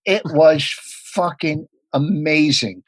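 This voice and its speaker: A man telling rapid, profane comedy anecdotes in a casual podcast chat. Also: a little high, no echo, poor audio. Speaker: comedian guest.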